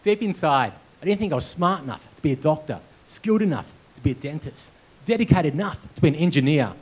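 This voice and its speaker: This keynote speaker is a fast talker with a slightly high, somewhat rough voice, captured in a rough recording. Speaking in a conference hall, he gives a motivational talk built on personal anecdotes, told animatedly and with a comedian's timing.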